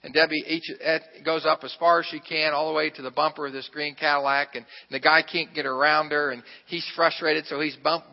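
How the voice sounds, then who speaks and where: Storytelling pastor, slightly high voice, echoing hall. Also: male voice, flat delivery, brisk, hardly any pauses. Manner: conversational, self-deprecating storyteller with asides to the audience. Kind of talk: storytelling sermon. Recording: reverberant, muffled hall recording.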